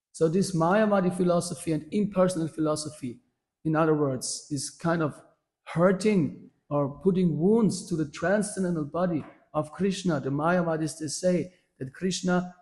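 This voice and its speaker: Speaking at a workshop, this man recounts a devotional tale in a fairly high voice at a moderate pace. German is his first language, and his lively delivery is full of fillers and false starts.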